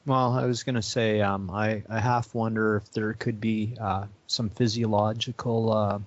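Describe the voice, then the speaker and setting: A man's voice: lowish voice, flat delivery, moderate pace. A man hosting a radio interview, asking questions hesitantly with many fillers. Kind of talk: casual interview. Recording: dull lo-fi audio.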